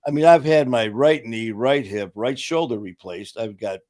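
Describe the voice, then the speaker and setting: Middle-aged man, podcast host, casual storytelling, animated, swears freely, laughs often. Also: medium pitch, moderate pace. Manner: animated, profane, laughs through his stories.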